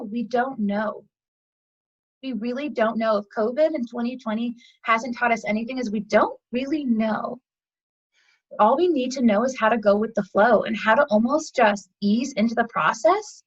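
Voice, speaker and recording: A woman with a fairly high voice tells a story in an interview, animated and chatty and full of small fillers. She speaks as a yoga teacher sharing a lesson. The audio is a little muffled and lo-fi. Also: moderate pace. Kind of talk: storytelling a parable in conversation.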